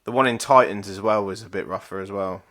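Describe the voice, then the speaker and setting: Bright-voiced man chatting. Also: on the low side, quick pace, dry recording, studio quality. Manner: laid-back, sweary. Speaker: podcast co-host. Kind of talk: casual chat.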